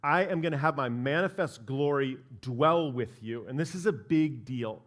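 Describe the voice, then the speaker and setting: A man's voice: medium pitch, normal speed, a bit bright. A man preaching a sermon as pastor of a church, talking in a casual, conversational way and often checking in with "right?". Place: church sanctuary.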